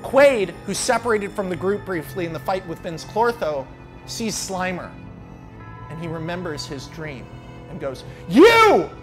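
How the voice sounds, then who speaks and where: A man casually telling a film pitch as a story, animated and profane, swinging from mutters to shouts. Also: normal speed, over music. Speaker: channel host, screenwriter.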